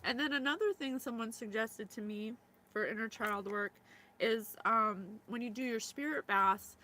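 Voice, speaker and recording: A woman's voice: a little high, moderate pace, bright, forceful tone, a little hiss or hum, rough recording. A woman in her thirties, from the former Yugoslavia, hosting a psychic reading in a casual, emotional way with many fillers. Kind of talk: casual spiritual reading talk.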